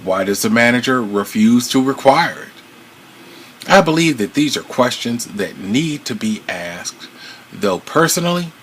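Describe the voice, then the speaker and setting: A man reading out an open letter about his former workplace in a measured, formal, aggrieved way. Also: fairly low pitch, a bit bright, low-quality recording. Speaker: former retail employee.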